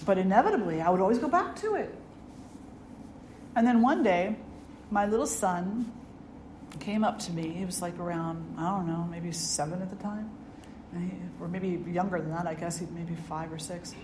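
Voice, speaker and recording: A middle-aged woman, a spiritual teacher, giving an earnest dharma talk and telling stories with gentle humor. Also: on the low side, normal speed. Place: ashram hall. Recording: echoey room with faint noise.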